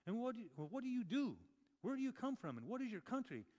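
A man's voice: very high-pitched, big pitch swings, fast talker, darkish tone, muffled recording, voice pushed up. Guy reading out scared sailors firing urgent questions, echoey big hall. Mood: alarmed. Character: frightened male sailors questioning a stranger. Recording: long reverb of a large hall.

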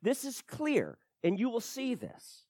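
A man preaching a verse-by-verse sermon, emphatic and animated, at times repeating words as he stresses a point. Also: extremely high pitch, slow pace, no room sound, clean studio sound.

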